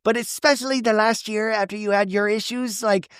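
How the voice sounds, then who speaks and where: A man's voice: high-pitched, fairly even intonation, a little fast, fairly bright tone, clear, resonant tone, dry recording, clean studio sound, voice pushed up. A man mimicking an earnest wounded woman.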